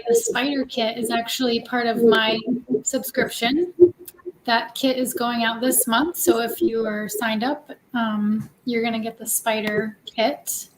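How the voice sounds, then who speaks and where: A woman calmly explaining a cookie decorating kit on a casual livestream. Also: fairly high pitch. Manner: unhurried, explaining step by step. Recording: clear background noise with clicks.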